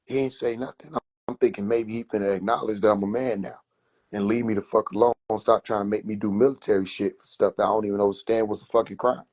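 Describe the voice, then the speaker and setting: A man telling a comedic story on a phone livestream in an animated, drawn-out way. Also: fairly low pitch. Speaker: livestream host.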